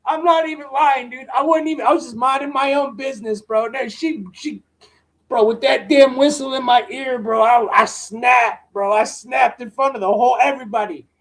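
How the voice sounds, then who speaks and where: A man's voice: very high-pitched, fairly even intonation, moderate pace. A man hosting a live stream, telling rambling stories with lots of swearing and slang. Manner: profane, slangy, rants full of "bro" and "dude". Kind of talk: casual rambling storytelling.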